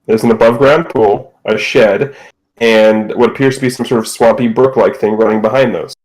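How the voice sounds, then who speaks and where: A man's voice: on the low side, fairly even intonation, normal speed, darkish tone, poor audio. A man narrating as game master of a casual tabletop role-playing session, describing scenes and calling for checks, laughing often.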